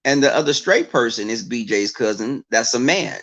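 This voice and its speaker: A man chatting casually to his viewers, telling stories in an animated way and breaking into mocking impressions of others. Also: medium pitch, normal speed, highs cut off.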